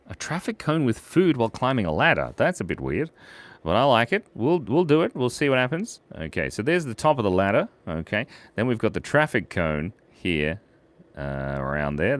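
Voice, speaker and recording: A man's voice: lowish voice, sing-song, moderate pace. A man hosting a live drawing stream, chatting playfully and goofily with viewers as he draws their suggestions. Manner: playful, goofy, talks to the chat. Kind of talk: casual live-stream chat while drawing.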